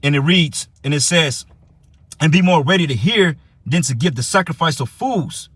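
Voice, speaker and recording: A man's voice: on the high side, expressive, moderate pace, fairly bright tone, slightly rough, no echo. A man teaching for a religious camp, giving a heated, profane preaching rant that reads and explains scripture.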